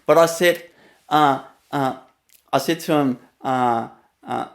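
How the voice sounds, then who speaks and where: Telling a story from his own life, this spiritual teacher from Vietnam has a medium-pitched, creaky voice and a Vietnamese accent. Frequent laughter breaks up his phrases, and he lingers on filler words.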